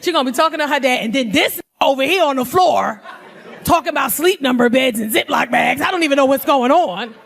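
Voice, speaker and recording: A woman comedian on a club stage, talking into a handheld mic. Her voice sits high and leaps about, and she keeps things loud and animated with laughter as she works the crowd. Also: fairly quick, gravelly. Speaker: stand-up comedian. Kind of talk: stand-up comedy.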